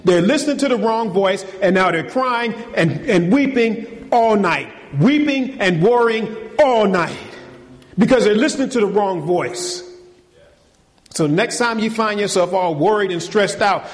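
A man preaching a sermon to his congregation, animated and colloquial, firing rhetorical questions and calling them y'all. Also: high-pitched, a little slow, big-room sound. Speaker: pastor. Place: church.

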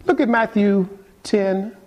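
Pastor, male, fairly high voice; dynamic conversational preaching, quiet lows to emphatic peaks. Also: slow pace. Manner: casual conversational delivery with repeated words. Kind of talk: sermon.

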